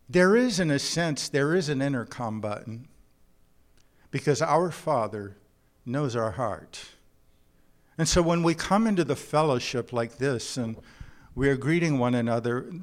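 A man preaching a sermon in an earnest, unhurried way, sometimes halting and repeating words as he builds a point. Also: mid-range voice. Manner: earnest preaching with told jokes and a drawn-out, halting delivery. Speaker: pastor.

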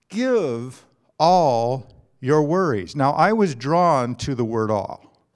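Man, pastor, sermon, earnest, emphatic repetition, slightly high voice.

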